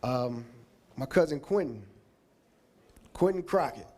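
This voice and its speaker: A man's voice: medium pitch, animated, slow, a little mellow. A man giving a heartfelt, rambling Hall of Fame acceptance speech, thanking people one by one.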